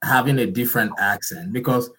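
A man's voice: medium pitch, fairly quick, sharp tone, poor audio. A man with a non-native English accent hosting an interview, encouraging and emphatic. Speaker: podcast host.

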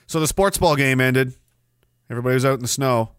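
A man's voice: medium pitch, quick pace, clean tone, no echo, studio quality. A man hosting a podcast, ranting in a sneering, mocking way. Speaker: podcast host. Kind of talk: ranting commentary.

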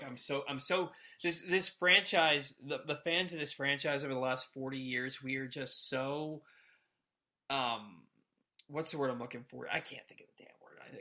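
A man co-hosting a casual sports podcast, talking in a rambling, animated way and stumbling over repeated words. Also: medium pitch. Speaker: podcast co-host.

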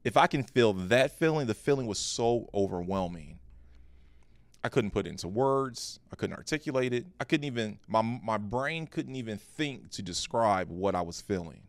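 A man, a pastor co-hosting a podcast, telling a personal story in an earnest, animated way with frequent restarts. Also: fairly low pitch, moderate pace, no echo. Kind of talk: casual podcast conversation.

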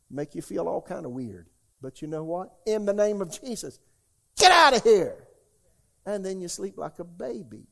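A man's voice: on the high side, creaky, mellow. A man preaching a sermon, emphatic and often calling out to the congregation. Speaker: pastor.

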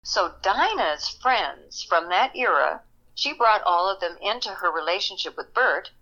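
An older actress reminiscing in an interview, animated and quick to laugh. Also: female voice, mid-range voice, muffled recording. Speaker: actress guest. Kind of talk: interview storytelling.

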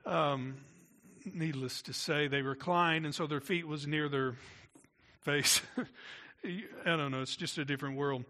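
A man's voice: on the high side, fairly even intonation, unhurried, bright, forceful tone. A middle-aged man, a pastor, preaching a sermon in a conversational way with asides to the congregation.

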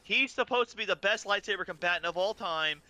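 Brief: male co-host, smooth and very bright voice, halting but stubborn. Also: high-pitched. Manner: hesitant, restarts often, stubborn. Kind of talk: casual debate.

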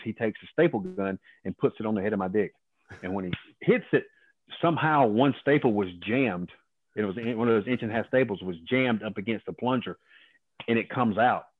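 Man in his 50s, low-pitched, phone-line guest spinning colorful, profane wrestling yarns, dry sound. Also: brisk, dry recording. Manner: profane, animated, acts out other people's lines. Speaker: guest, former pro wrestler. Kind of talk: casual storytelling.

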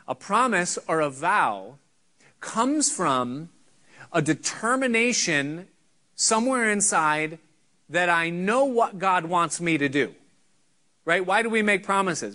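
A middle-aged man preaching a sermon, earnest and conversational, teaching with pauses. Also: on the high side, pushed and bright. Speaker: pastor.

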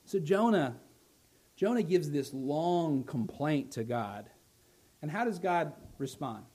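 A man's voice: fairly high pitch, animated, husky. Man preaching with swelling emphasis. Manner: preaching with rising emphasis, then dropping soft and slow. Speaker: pastor. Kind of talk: sermon.

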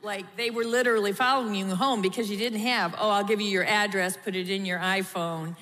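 A woman's voice: mid-range voice, steady tone, fairly quick, fairly bright tone. Candid middle-aged woman in a reverberant church. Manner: candid, reflective, self-explaining. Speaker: pastor's wife, co-presenter. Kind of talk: conversational sermon with spouse. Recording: long reverb in large hall.

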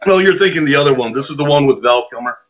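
A man's voice: medium pitch, rapid-fire. A man telling a long casual anecdote as a podcast guest, acting out the lines of the people in his story. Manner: animated storyteller, acts out his own lines. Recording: muffled lo-fi podcast audio.

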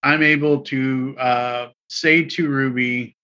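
A man's voice: mid-range voice, steady tone, slow, sharp tone. A man playing a tabletop game, speaking hesitantly with many fillers. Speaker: player. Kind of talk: casual tabletop play.

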